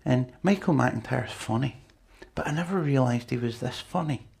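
Male preacher, conversational sermon delivery, husky with gravel. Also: mid-range voice, moderate pace, darkish tone. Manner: conversational, chatty with asides to the congregation.

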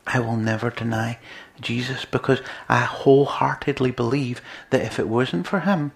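A man preaching a sermon, earnest, moving between loud emphasis and quiet, near-whispered lines. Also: mid-range voice, moderate pace, gravelly.

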